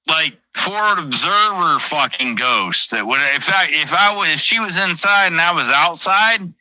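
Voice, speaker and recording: Man, livestream host, blunt storyteller with lots of swearing; lively, up-and-down delivery. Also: fairly high pitch, no echo, poor audio. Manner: blunt and heavily profane, repeats phrases.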